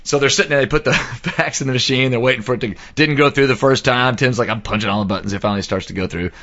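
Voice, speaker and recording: A man casually telling an animated anecdote, acting out the people in it and singing sound effects. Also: mid-range voice, fast, lo-fi sound. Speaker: storyteller.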